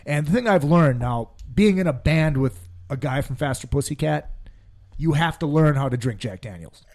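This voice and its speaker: A man's voice: on the high side, expressive, moderate pace, darkish tone. A man hosting a podcast, telling rambling drinking stories in a loose, swearing way. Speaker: podcast host. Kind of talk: casual podcast chat.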